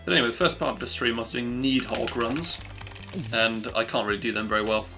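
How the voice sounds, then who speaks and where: A man's voice: medium pitch, quick pace, gravelly, pushed and bright, faint music behind. Rambling man streaming a game. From Britain. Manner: rambling, self-deprecating, chatty. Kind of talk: casual live-stream chatter while gaming.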